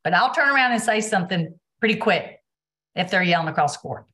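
A woman's voice: on the low side, brisk. A woman, a basketball official, answering interview questions on a video call and acting out what she says on court. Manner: animated storytelling, acts out quotes.

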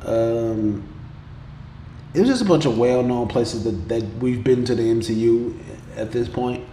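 A man's voice: mid-range voice, a little slow, a little hiss or hum. Slangy man recapping in an echoey room. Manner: slangy, profane, animated retelling with quoted voices. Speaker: podcast host. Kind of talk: casual episode recap. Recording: roomy echo with faint background ambience.

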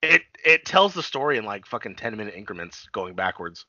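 A man's voice: on the low side, very animated, a little fast, sharp tone, no echo, highs cut off. A man co-hosting a casual podcast, recapping a TV episode, swearing freely and acting out scenes in quoted voices. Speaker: podcast co-host.

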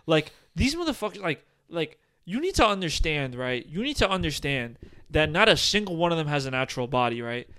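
A young man holds forth on a casual podcast, his voice sitting high and swooping up and down with every point. He talks emphatically and swears freely. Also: brisk, clear, resonant tone. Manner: animated, profane and emphatic. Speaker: podcast co-host.

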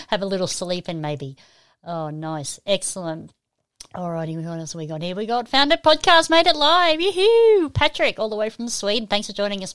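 A woman's voice: mid-range voice, dry recording. Cheery Australian woman hosting a podcast. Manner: cheery, bubbly, greets listeners with whoops and laughs. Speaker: podcast host. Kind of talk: live-stream podcast chat.

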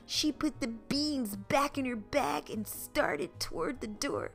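A woman's voice: high voice, slow pace, fairly bright tone, faint music behind. A woman podcast host reading a children's book aloud, playful and adding comic asides. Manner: playful, laughs at her own asides.

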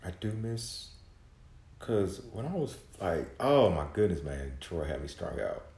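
Deep-voiced man rambling in an echoey room. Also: expressive, measured pace, a little mellow. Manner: rambling, profane, frequent restarts and mumbling. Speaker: podcaster. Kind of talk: casual solo monologue. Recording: echoey room with faint guitar music.

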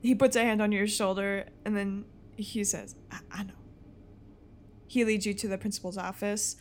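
A woman's voice: medium pitch, steady tone, moderate pace, a little mellow, a little hiss or hum. A woman narrating a tabletop role-playing game as game master, casual and laughing often.

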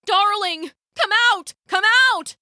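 A woman's voice: on the high side, lively intonation, measured pace, bright, forceful tone, no room sound, clean studio sound. A woman voicing a flustered middle-aged male farmer who is easily rattled, in a storybook tale. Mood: alarmed.

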